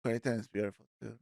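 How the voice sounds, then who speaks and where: A man's voice: medium pitch, gravelly, sharp tone, no room sound. Podcast regular, male, hesitant and mumbly, dry close sound. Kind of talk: casual chat.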